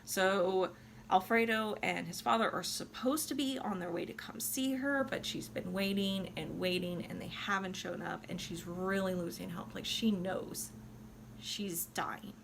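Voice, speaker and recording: A woman's voice: medium pitch, unhurried, creaky, fairly bright tone, a little hiss or hum. A tipsy woman casually retelling an opera plot in a loose, profane way, full of "like". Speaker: opera reviewer.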